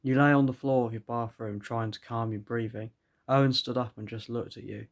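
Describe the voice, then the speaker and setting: A man's voice: medium pitch, fairly even intonation, a little fast, dull audio. A man reading an AI-written second-person story aloud, often stopping to comment and laugh at it. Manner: breaks into laughter, comments between lines.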